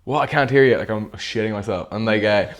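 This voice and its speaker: A man's voice: lowish voice, fast talker. A young Irish man hosting a podcast, telling stories in an easygoing way with plenty of fillers. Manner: easygoing storyteller, many fillers. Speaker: podcast host. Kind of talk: casual chat.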